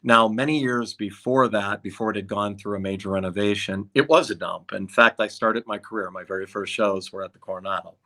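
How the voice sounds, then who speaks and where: A man's voice: on the low side, a little fast, hardly any pauses. A middle-aged man, a concert promoter, telling anecdotes in conversation and acting out other people's lines. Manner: animated, acts out dialogue in quotes. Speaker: concert promoter, podcast guest.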